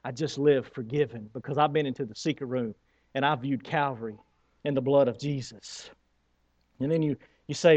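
A man preaching a sermon in a conversational, emphatic way, who stutters and repeats words when he gets excited. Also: mid-range voice, normal speed, no room sound, dull audio. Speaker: pastor.

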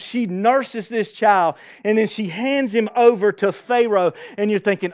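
A man preaching a sermon, telling the story in a conversational way and swinging between hushed and loud, emphatic passages. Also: sits high, measured pace, hardly any pauses, no room sound, highs cut off. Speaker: pastor. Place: church.

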